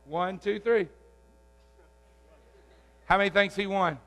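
A man preaching at a youth camp service, loud, coaxing and teasing as he runs games with the crowd. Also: high voice, fairly even intonation, slow pace, a little hiss or hum. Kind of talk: lively youth service sermon with audience games.

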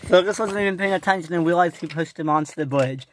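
A woman's voice: lowish voice, quick pace, hardly any pauses. A woman narrating a homemade toy-train story in a plain, casual way, with the odd restart.

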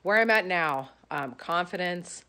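A woman's voice: lowish voice, lively intonation, a little slow, sharp tone. A woman giving an emotional testimonial about her coach, gushing and rambling with many fillers. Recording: music playing under the voice.

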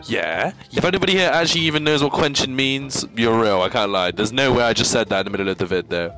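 A young man giving casual, excitable gameplay commentary, ranting and stammering, with sudden high yelps. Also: fast talker, soft background music. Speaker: gaming YouTuber.

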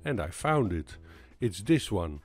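A man, narrating a science video in a calm, matter-of-fact and skeptical way. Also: fairly low pitch, a little slow, faint music behind. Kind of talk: scripted narration.

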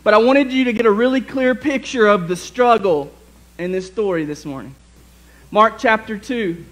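A man preaching a lively sermon to his church congregation, joking with the crowd and reading scripture aloud. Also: high-pitched, moderate pace, poor audio. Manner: energetic, jokey, speaks to the congregation. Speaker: pastor. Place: church sanctuary.

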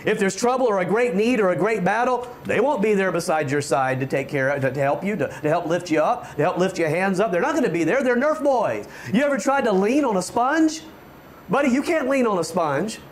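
A man preaching a fervent sermon as pastor, often stammering on restarts and building to shouts. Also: high-pitched, animated, brisk, a little hiss or hum.

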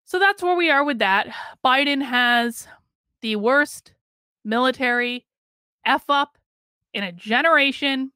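A woman's voice: high-pitched, slow pace, pauses often, bright, forceful tone, clean tone, no room sound, studio quality. A woman hosting a ranting political commentary stream, exasperated and emphatic, mocking others with sing-song quotes.

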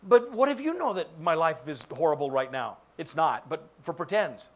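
Man, pastor, sermon, high lively voice, jokey, plays out little voices. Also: moderate pace, few pauses. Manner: animated, jokey, acts out quoted voices. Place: church sanctuary.

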